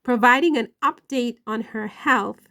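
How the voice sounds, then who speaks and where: A woman's voice: a little high, unhurried, sharp tone. A woman giving casual online commentary, emphatic and questioning, often checking in with "right?".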